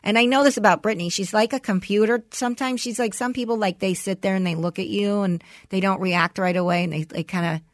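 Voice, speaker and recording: A woman's voice: medium pitch, fairly even intonation, fast, hardly any pauses, dry recording, studio quality. Chatty woman telling a rambling story. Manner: rambling storyteller, many "you know" fillers, acts out quotes. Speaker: podcast co-host. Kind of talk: casual chat.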